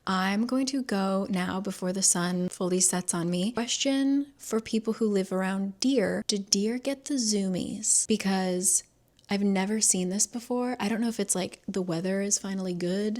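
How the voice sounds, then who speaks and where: A woman's voice: medium pitch, moderate pace, a little mellow. A woman vlogger chatting casually, rambling with lots of fillers. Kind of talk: casual chat.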